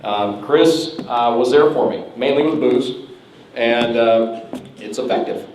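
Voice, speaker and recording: A man's voice: mid-range voice, slow, a little mellow. Man roasting friends in an echoey hall. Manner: joking, rambling, teasing friends. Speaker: roast speaker. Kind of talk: comedy roast speech at a birthday party. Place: party hall with a crowd. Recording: echoey hall, far from the mic, noisy.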